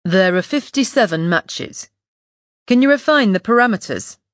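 A woman's voice: mid-range voice, animated, normal speed, dry recording, studio quality, pitched above the performer's own voice, natural voice. A woman voicing a chirpy male police tech worker with a thick Northern English accent, upbeat and a bit showy. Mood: helpful.

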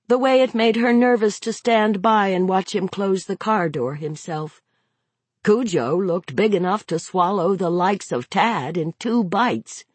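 A woman with a low, husky voice narrates a novel, her pitch moving widely as she dramatizes the story. The recording is dry and close, with no room sound at all. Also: no echo. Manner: dramatic, varied delivery. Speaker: audiobook narrator.

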